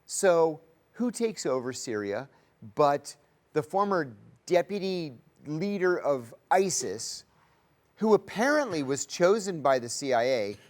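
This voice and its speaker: Man, talk show host, earnest, emphatic, somewhat higher voice, studio mic. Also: big pitch swings, slow pace. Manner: earnest, rising emphasis, acts out quoted voices.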